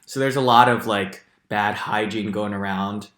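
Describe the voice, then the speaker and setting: A young man in his twenties ranting comically through a ranked list, animated and jokey, often jumping into squeaky high exclamations. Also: moderate pace. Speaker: comedic vlogger. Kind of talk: comedic ranking rant. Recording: echoey room.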